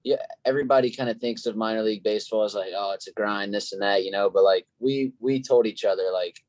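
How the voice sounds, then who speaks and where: A man's voice: lowish voice, quick pace, darkish tone, no room sound. A young man in his twenties, a ballplayer guest on a podcast, talking in a laid-back way. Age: 20s. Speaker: guest, minor league ballplayer. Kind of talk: casual interview chat.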